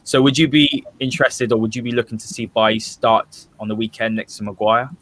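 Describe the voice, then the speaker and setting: A man's voice: medium pitch, steady tone, a little fast, a bit bright. Southern English man hosting a fan podcast. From Southern England. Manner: opinionated, leading the discussion. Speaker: host.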